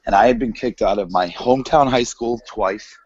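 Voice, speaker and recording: A man's voice: fairly low pitch, moderate pace, darkish tone. A man in casual chat who chimes in often and tells blunt, profane stories. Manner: chimes in with "yeah, right", blunt swearing storyteller. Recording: dull lo-fi sound with faint noise.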